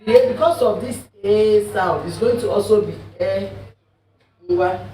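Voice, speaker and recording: A woman's voice: mid-range voice, unhurried, mellow. Woman teaching a class, from afar. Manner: patient, repeats examples and checks understanding. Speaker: Igbo language teacher. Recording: roomy classroom picked up from a distance.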